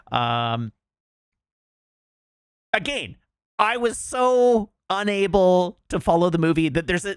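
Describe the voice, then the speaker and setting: A male streamer chatting casually to his viewers, rambling with plenty of fillers. His pitch swings widely when he stresses his complaints. The sound is dry, with no room echo. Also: fairly bright tone, smooth. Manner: rambling, lots of "um" and "like", emphatic complaints.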